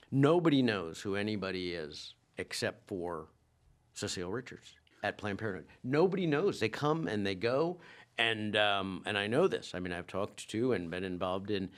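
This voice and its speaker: A man co-hosting a podcast in casual chat, talking in a rambling, halting way with many restarts. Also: mid-range voice, expressive. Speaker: podcast co-host.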